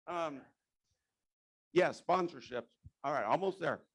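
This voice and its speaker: A man's voice: fairly high pitch, animated, slow, husky. A man giving informal sponsorship announcements at a club meeting, rambling and losing his place now and then. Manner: rambling, loses his train of thought. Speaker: club member presenting sponsorships.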